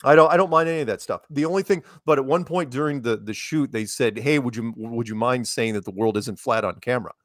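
A man's voice: medium pitch, fast, hardly any pauses, dry recording, clean studio sound. A man being interviewed, telling chatty anecdotes and laughing as he goes. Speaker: interviewed guest. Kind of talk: casual storytelling interview.

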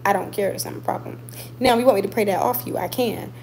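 A woman's voice: medium pitch, quick pace, gravelly, a little mellow, a little hiss or hum, rough recording. A woman boxer chatting casually with her viewers, emphatic and repeating points for stress. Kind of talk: casual livestream chat with viewers.

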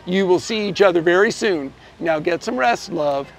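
A man reading a children's picture book aloud, gently telling the story and shifting his voice a little for each character. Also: high voice, expressive, normal speed, slight background noise. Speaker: storybook reader.

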